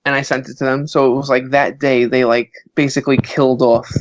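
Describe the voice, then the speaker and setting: A man who is a guest on a podcast, an author and professor, telling stories in an animated way with many filler words. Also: medium pitch, fairly quick, no room sound, dull audio. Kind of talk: casual interview chat.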